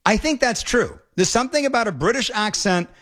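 Emphatic, high-voiced male radio host. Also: animated, fairly bright tone. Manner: emphatic, argumentative, quick asides. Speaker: radio talk show host. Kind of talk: opinionated talk radio commentary.

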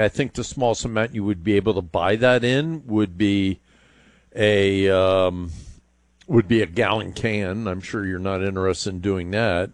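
A man's voice: lowish voice, dry recording. A man hosting a call-in home improvement show, thinking aloud with lots of fillers and restarts as he gives advice.

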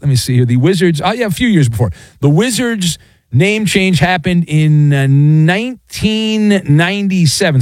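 Middle-aged guy hosting a sports radio show, kinda high voice, rambly and jokey, dead dry studio mic. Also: darkish tone, no room sound. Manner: rambling, joking, reads listener messages aloud. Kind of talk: casual sports radio talk. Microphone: studio microphone.

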